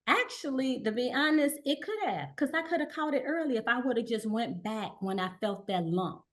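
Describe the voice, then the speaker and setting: Woman recounting her cancer story. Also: on the high side. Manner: halting, many restarts and fillers, acts out quoted dialogue. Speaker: guest, cancer survivor. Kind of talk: emotional personal storytelling.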